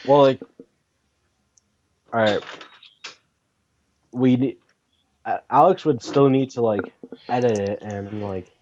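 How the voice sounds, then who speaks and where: A man co-hosting a podcast, chatting about hockey in a casual way, thinking aloud and getting animated. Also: mid-range voice, slow pace, long pauses. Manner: thinks aloud with fillers and restarts, then gets animated. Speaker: podcast co-host. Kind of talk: casual sports chat. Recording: dull lo-fi audio.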